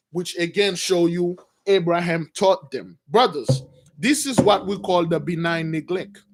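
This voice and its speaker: A man's voice: high voice, a little slow. A man delivering a sermon, reading a passage aloud and then retelling it in his own words, calling his listeners brothers. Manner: addresses listeners as brothers, restarts, repeats, informal asides. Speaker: preacher. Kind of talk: sermon reading a text with commentary.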